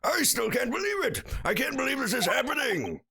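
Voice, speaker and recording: A man's voice: extremely high pitch, wildly swooping pitch, brisk, gravelly, bright, forceful tone, slight background noise, voice pushed up, full character voice. A man voicing a nervous young male defendant in a game, exclaiming in disbelief. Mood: anxious disbelief.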